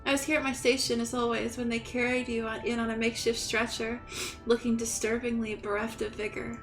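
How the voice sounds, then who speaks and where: A woman's voice: a little high, level tone, fairly quick, faint music behind, lightly acted. A woman reading out a polite, formal fantasy city attendant's lines from a game, in courteous tones. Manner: formal, courteous read-aloud. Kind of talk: reading game dialogue aloud.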